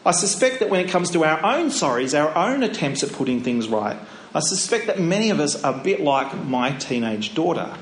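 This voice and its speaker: A middle-aged male preacher delivers a conversational, story-led sermon. His voice sits a little high for a man, and it rings through a roomy church with a faint hiss behind it. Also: big pitch swings, fairly quick. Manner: conversational, storytelling, with rhetorical questions. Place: church sanctuary.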